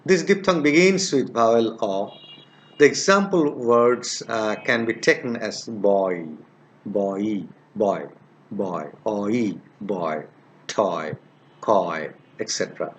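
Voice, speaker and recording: Slow, hesitant male lecturer with a low voice. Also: slight background noise. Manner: slow and repetitive, repeats example sounds and words many times; hesitant, many "uh" fillers. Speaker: linguistics teacher. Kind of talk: recorded lecture.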